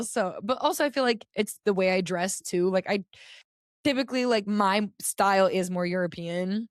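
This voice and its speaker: A young woman from the United States co-hosts a podcast, chatting casually and using plenty of filler words. She speaks fairly quickly at a medium pitch, captured in studio quality with no room sound.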